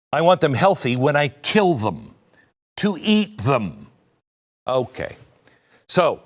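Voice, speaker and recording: Male talk-show host, slow delivery with a lot of pitch swing, sarcastic political commentary. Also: fairly bright tone. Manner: sarcastic, mocking asides.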